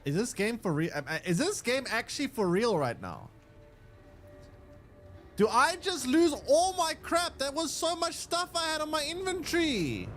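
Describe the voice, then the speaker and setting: A man's voice: very high voice, huge pitch swings, normal speed, a bit bright, soft background music. A man streaming a game, ranting in exasperation and swearing at what happens on screen. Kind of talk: live gameplay commentary.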